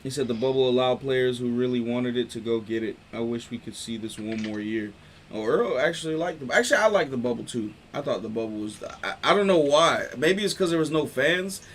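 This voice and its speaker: A man hosting a casual sports talk stream, riffing in loose, slangy, animated talk. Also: mid-range voice, brisk, slight background noise. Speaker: host.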